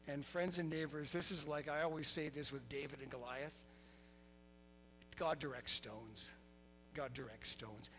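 Bright-voiced animated male preacher. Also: fairly high pitch, poor audio. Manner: animated storytelling, laughing, voicing quotes. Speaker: pastor. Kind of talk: sermon.

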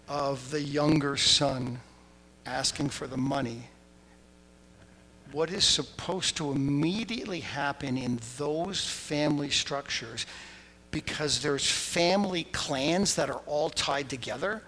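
A man preaching a sermon, telling the story with lively asides and acting out quoted voices. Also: fairly high pitch, slow. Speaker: pastor. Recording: hall reverb, faint noise.

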